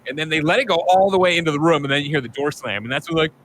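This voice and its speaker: A man in his thirties, a podcast host, recapping a movie in casual chat with animated, profane storytelling. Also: a little high, racing, a little hiss or hum, poor audio.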